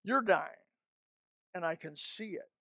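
A man's voice: sits high, lively intonation, measured pace, creaky, fairly bright tone, dry recording, clean studio sound. An older man preaching a folksy, emphatic sermon, breaking into snatches of hymns.

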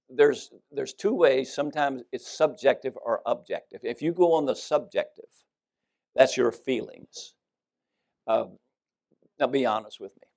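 A man preaching a sermon, swinging between loud emphasis and soft drops. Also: mid-range voice, gravelly.

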